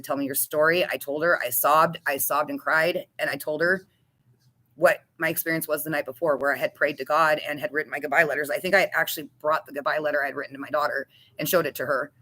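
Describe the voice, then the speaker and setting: A woman's voice: deep voice, steady tone, quick pace, sharp tone, rough recording. A woman giving a candid, emotional personal testimony about her recovery, talking with restarts and blunt swearing. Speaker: recovery storyteller.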